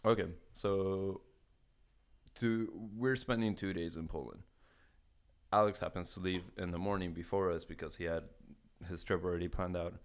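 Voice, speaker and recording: A young man from California with a very low voice tells a rambling travel story on a podcast. He is animated and swears freely, and he slips into the voices of the strangers he met along the way. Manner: animated, swears a lot, acts out the voices of people in his story. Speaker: guest telling a travel story.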